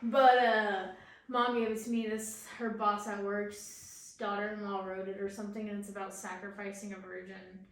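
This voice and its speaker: A woman's voice: medium pitch, flat delivery, moderate pace. A woman chatting on a podcast with her brother, teasing and playful with crude jokes. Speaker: podcast guest, host's sister. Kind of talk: casual banter podcast. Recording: very echoey room.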